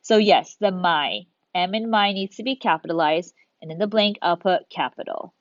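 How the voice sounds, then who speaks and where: A woman's voice: lowish voice, moderate pace, dry recording, dull audio. A woman teacher recording a video lesson for children, talking her students through each step with encouragement.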